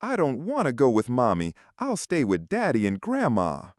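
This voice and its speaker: A man's voice: mid-range voice, wildly swooping pitch, moderate pace, dry recording, studio quality, pitched above the performer's own voice. A man voicing a scared six-year-old boy who pleads through tears in a spoken story. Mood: pleading. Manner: pleading, crying.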